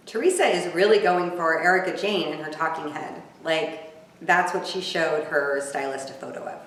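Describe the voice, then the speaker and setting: A woman's voice: sits low, normal speed, fairly bright tone, slight background noise. Snarky woman recapping in an echoey room. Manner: snarky, gossipy, chatty. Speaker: reality TV recapper. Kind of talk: casual live recap commentary. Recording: echoey room, distant from mic.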